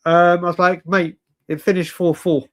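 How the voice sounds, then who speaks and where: Brief: man, fan stream host, late night and tired, chatty ranting, stammers, voice sits a bit high. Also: level tone, moderate pace.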